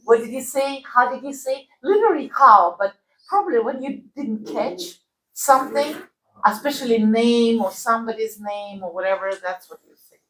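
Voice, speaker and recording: A woman's voice: fairly high pitch, expressive, normal speed, fairly bright tone, reverberant, far from the mic, slight background noise, low-quality recording. A woman who speaks Russian natively, teaching a language lesson in English and having the learner repeat phrases after her. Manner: patient, drills phrases for repetition, checks with "right?".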